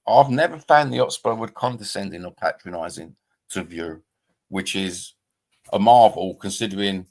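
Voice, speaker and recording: Gravelly low-voiced man in his fifties. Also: a little mellow. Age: 50s. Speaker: livestream host. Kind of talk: casual livestream chat reading viewer comments.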